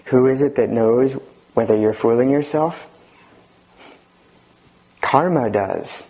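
Husky man giving a wry dharma talk. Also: medium pitch, takes it slowly, mellow. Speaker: Zen teacher giving a talk. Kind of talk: dharma talk reading and commenting. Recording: dull lo-fi recording.

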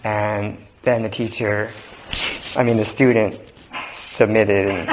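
Slow, low-voiced man giving a dharma talk. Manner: relaxed, halting, with frequent fillers and soft laughs. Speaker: Zen teacher. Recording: dull lo-fi recording with faint noise.

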